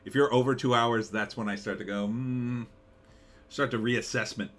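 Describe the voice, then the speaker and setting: A man's voice: medium pitch, steady tone, moderate pace, fairly bright tone. A middle-aged man hosting a casual live stream, rambling and chuckling as he reads viewer comments aloud. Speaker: live stream host reading chat.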